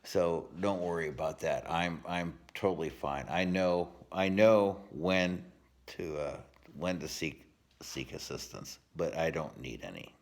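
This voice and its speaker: A man with a low, deep voice rambles through a casual rant to his camera, swearing freely and drifting from one thought to the next. He speaks from inside his unfinished home garage in a loose, laid-back storytelling manner. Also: a little slow. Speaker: vlogger giving a home project update.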